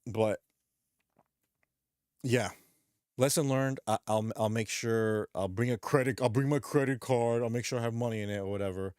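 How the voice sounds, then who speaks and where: A man's voice: medium pitch, normal speed, pauses often, a little mellow, clean tone, no echo, clean studio sound. Profane, ranting young man on camera. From New York. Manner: profane, agitated, repeats himself. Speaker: vlogger. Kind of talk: ranting vlog monologue.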